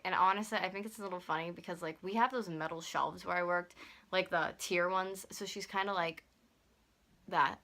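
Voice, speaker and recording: A young woman in her twenties tells a storytime to her camera at home. Her voice sits a little low yet comes out bright and forceful. She talks fast and heatedly, packing in "like" as she goes. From North America. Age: 20s. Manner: fast, heated retelling full of "like". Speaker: YouTuber. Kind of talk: storytime vlog. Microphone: camera on a stand.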